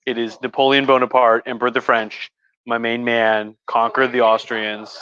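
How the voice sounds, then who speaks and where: A man's voice: medium pitch, level tone, normal speed, pushed and bright, clear, resonant tone. A man who is a history professor, tipsy on wine, telling history in a rambling, jokey way with many restarts on a livestream. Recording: slightly muffled livestream audio.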